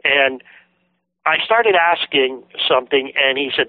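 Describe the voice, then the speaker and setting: A man's voice: medium pitch, a little slow, dry recording. A man, a guest author, telling a long story in an interview, acting out the words of the people in it. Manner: lively storyteller, voices other people's words. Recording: tinny dry phone line.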